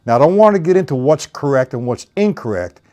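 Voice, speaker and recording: Fast-talking and very animated, a middle-aged drum teacher with a slightly high, warm voice runs a live-streamed lesson. He counts beats and explains technique bluntly and ramblingly, playing drums between talk.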